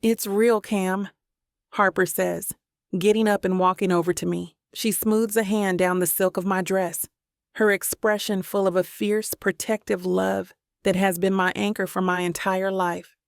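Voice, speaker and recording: A woman reading a first-person romance audiobook in a measured, even way. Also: medium pitch, vocal fry, smooth, dry recording, studio quality. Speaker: audiobook narrator.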